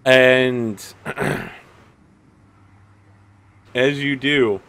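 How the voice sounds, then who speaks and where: A man narrating a tabletop game as game master in a dramatic, deliberate way. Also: mid-range voice, sharp tone, poor audio.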